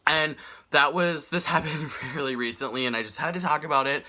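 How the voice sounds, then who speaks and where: A young man telling a story on his vlog in an animated, exasperated way. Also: a little high, brisk. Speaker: vlogger.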